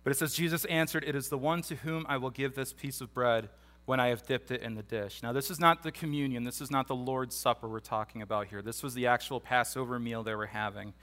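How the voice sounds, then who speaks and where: Bright-voiced man preaching a casual sermon. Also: medium pitch, fast talker. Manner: casual, animated storytelling that acts out the disciples' voices, with repeated restarts. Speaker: pastor. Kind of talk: conversational sermon, Bible teaching.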